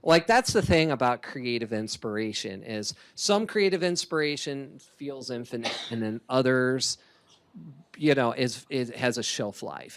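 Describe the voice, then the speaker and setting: A man giving a keynote talk as a comic artist, lively and chatty, laughing often. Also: mid-range voice. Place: conference hall stage.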